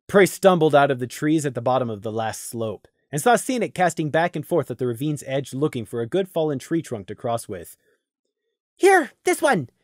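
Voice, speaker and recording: A man reading a fantasy story aloud as a dramatic, expressive audiobook narration. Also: a little high, dry recording, clean studio sound. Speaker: voice actor narrator.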